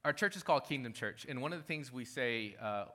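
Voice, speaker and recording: A man's voice: medium pitch, animated, brisk, bright, forceful tone. A man preaching a sermon as pastor, talking emphatically and repeating his key phrases.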